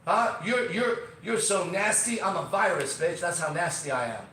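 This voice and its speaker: A man hosting a podcast, delivering a brash, swaggering, profane rant that swings from loud outbursts to low asides. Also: animated, normal speed, recorded from a distance, a little hiss or hum. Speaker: podcast host. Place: Las Vegas. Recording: very echoey room, voice from off mic.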